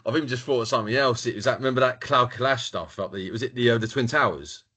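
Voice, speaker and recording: A man's voice: mid-range voice, breathy edge. A man co-hosting a casual podcast chat, stumbling and repeating words as he talks. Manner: halting, repeats words, animated. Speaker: podcast co-host.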